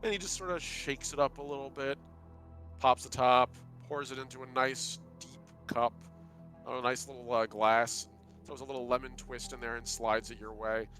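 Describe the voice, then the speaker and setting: A man running a tabletop game as game master, calmly narrating actions step by step. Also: mid-range voice, moderate pace, soft background music.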